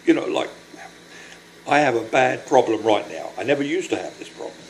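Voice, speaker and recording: An older man recording a personal video diary, speaking in a halting, apologetic, emotional way and short of breath from illness. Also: medium pitch, animated, a little hiss or hum, rough recording. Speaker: vlogger.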